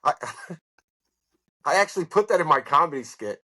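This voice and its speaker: A comedian in his fifties tells stories in casual chat with a bright, forward voice. His pitch rises and falls widely as he tells them, and he swears casually. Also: moderate pace, a little hiss or hum. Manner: animated storyteller, swears casually. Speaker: comedian guest.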